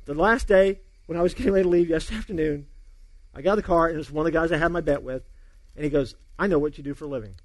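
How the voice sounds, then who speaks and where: A man's voice: fairly high pitch, racing, no room sound. A middle-aged man, a pastor, giving a sermon and telling a funny personal story, acting out the dialogue and laughing along.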